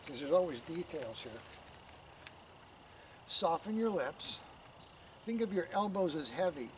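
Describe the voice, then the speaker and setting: Male posture coach, calm step-by-step cues, somewhat high voice, heard from a distance over outdoor noise. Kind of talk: instructional coaching. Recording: distant mic, noisy outdoor background.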